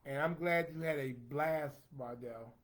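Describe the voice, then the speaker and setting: A man's voice: fairly high pitch, unhurried. Chatty man reading comments. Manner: chatty, playful, reads out names. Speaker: host reading viewer comments. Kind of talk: casual livestream chat.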